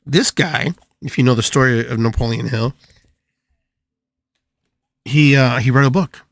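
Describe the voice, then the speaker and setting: An older man hosting a spiritual podcast, giving a motivational talk in an animated way, with sudden jumps in pitch and playful, drawn-out repetition of words. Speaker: podcast host and spiritual healer.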